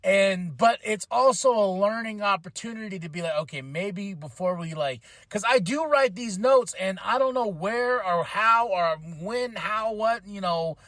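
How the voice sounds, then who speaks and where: Man, podcast host, excitable chatty talk, high voice, dry close mic. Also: a little slow, hardly any pauses, dry recording. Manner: hyped, rambling, chatty with many fillers. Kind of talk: casual wrestling review podcast.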